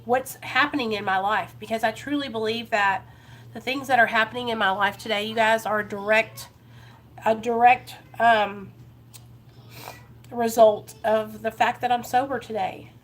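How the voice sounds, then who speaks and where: Her steady, fairly high voice moves at a moderate pace as she hosts a live recovery stream from Ohio. Warm and earnest, she encourages her audience and welcomes each viewer by name.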